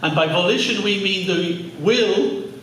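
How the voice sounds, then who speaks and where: A man's voice: sits high, unhurried, a bit bright, a little hiss or hum. A man with an Irish accent giving a public talk to a live audience, conversational with jokey asides. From Ireland. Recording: echoey hall, mic at a distance.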